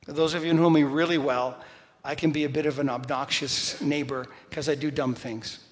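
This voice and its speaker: Middle-aged male preacher, animated storyteller, slightly high voice, long hall reverb. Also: normal speed. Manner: storytelling, animated, shouts quoted lines. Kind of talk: sermon.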